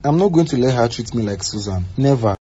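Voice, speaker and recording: A man's voice: medium pitch, lively intonation, brisk, mellow, breathy edge. A man voicing a domineering, abusive Nigerian husband. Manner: domineering, threatening. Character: controlling, abusive young husband. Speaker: voice actor. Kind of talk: cartoon voice acting. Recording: dull lo-fi recording.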